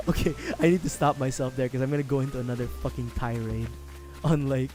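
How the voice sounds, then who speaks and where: A man's voice: mid-range voice, fairly even intonation, brisk, a little mellow, soft background music. A man streaming a video game, chatting casually and rambling, joking, swearing freely and laughing at himself. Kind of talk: casual gaming livestream chat.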